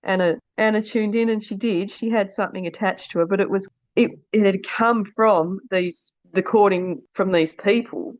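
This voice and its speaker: A woman in her thirties with a low voice recounts her family's story in a rambling, earnest, casual way. The sound is dull and lo-fi, with a very dry room. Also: darkish tone, dry recording. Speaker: podcast guest, mother.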